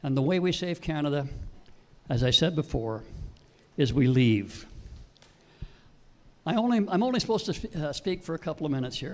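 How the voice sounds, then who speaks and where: A man speaking at a political town hall, giving an impassioned, emphatic speech. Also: on the high side. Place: public meeting hall.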